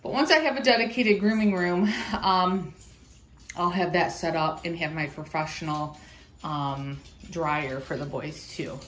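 A middle-aged pet vlogger chats casually on camera while grooming her dog indoors at home, often slipping into a sing-song voice for her pets. Her voice is fairly low and unhurried, recorded on a handheld phone camera with a little hiss or hum.

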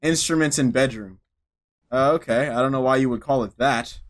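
A young gaming YouTuber with a medium-pitched voice speaks at normal speed during let's-play commentary on horror games. He jokes, swears, and talks back to the characters on screen.

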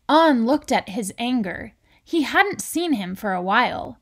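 A woman reading a children's picture book aloud in a gentle, deliberate storytelling manner. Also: a little high, animated. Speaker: reader.

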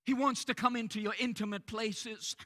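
Pastor guy preaching sunday, really high bright voice, lots of uh's between phrases. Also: steady tone, moderate pace. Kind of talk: church sermon. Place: church sanctuary during service.

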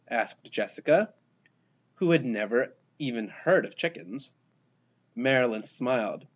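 A man reading a children's storybook aloud, his pitch bouncing high and low as he goes. The voice is a little husky, and the home recording sounds dull and lo-fi. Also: a little slow. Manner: lively, expressive reading with voiced characters. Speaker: storybook reader. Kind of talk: children's picture book read-aloud.

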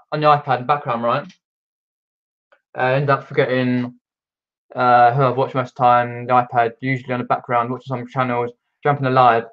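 A man's voice: on the high side, fairly bright tone. Rambling British man, muffled live stream. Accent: British English. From Britain. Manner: rambling, many fillers and restarts. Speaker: reseller streamer reading viewer chat. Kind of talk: casual live-stream chat. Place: indoors at home, downstairs. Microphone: camera mic.

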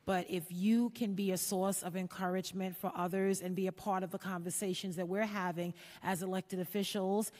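A woman chairing a council committee hearing, speaking in earnest, measured formal remarks with some filler ums. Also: mid-range voice, fairly even intonation, a little mellow. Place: large council chamber. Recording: long echo of a large hall.

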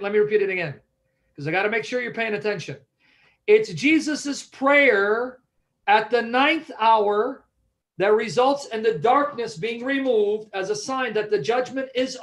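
A man's voice: sits high, fairly bright tone. A man teaching a Bible study, emphatic and repeating questions to check that his listeners follow.

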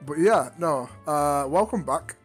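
A man's voice: fairly high pitch, animated, measured pace, faint music behind. A man hosting a casual comedic interview in a game chat, laughing, teasing and stammering over his words. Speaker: interview host. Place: virtual world game chat.

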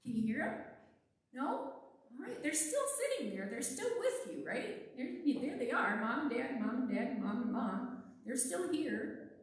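A woman's voice: sits high, big pitch swings, unhurried. A woman leading a children's sermon, talking playfully and coaxing the children with lots of questions. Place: church sanctuary. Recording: echoey church from far off.

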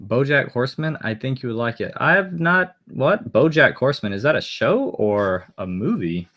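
A man hosting a casual live stream, chatting in a rambling, easygoing way and responding to viewers' messages. His voice sits at an average pitch but rises and falls a lot as he talks. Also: very animated, moderate pace, a bit bright. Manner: rambling, answers viewer comments aloud.

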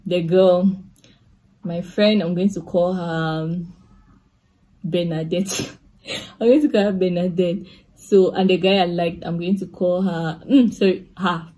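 A young woman telling a casual storytime vlog, chatty and animated, full of asides and laughs. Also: lowish voice. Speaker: vlogger.

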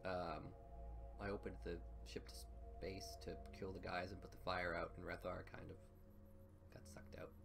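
A man casually commenting on his own gameplay, chatty and getting loud and excited when things go wrong. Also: deep voice, normal speed, vocal fry. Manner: chatty, gets loud and excited during fights. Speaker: gaming channel host. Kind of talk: let's play commentary. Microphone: desktop mic with face cam. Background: game music.

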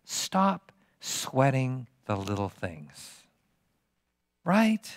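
A middle-aged pastor delivers a sermon with a lively, swooping voice that sits a little high for a man. He keeps teasing his listeners with questions. The sound is close and dry. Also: normal speed, no echo. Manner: animated, teasing questions to the congregation.

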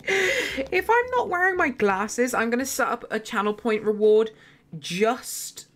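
A woman's voice: medium pitch, fairly bright tone, a little hiss or hum. A young woman livestreaming a game from her bedroom, chatting casually and giggling as she plays. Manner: chatty, giggly, talks to herself while playing. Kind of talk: casual gameplay chat. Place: home bedroom.

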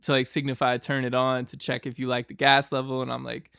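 Gravelly rambling man from Boston. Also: mid-range voice, monotone, fairly quick, bright, forceful tone, no room sound, studio quality. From Boston, United States. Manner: rambling, filler-heavy, laughs often. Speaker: podcast host. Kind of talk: casual travel storytelling.

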